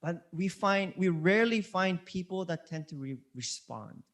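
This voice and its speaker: A man's voice: high-pitched, expressive, moderate pace, a bit bright. A male pastor preaching a sermon in an earnest, conversational way, often repeating key words for emphasis. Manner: conversational preaching with many restarts.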